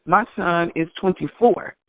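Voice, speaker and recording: A middle-aged woman co-hosting a radio discussion, talking in an emphatic, heartfelt way with sudden jumps in pitch. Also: a little slow, a little hiss or hum. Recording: tinny phone-line sound, dry.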